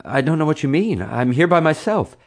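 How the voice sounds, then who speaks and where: Man doing a cheeky teen boy, high and innocent sounding, sassy. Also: sing-song, fairly quick. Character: cheeky quick-talking teenage boy.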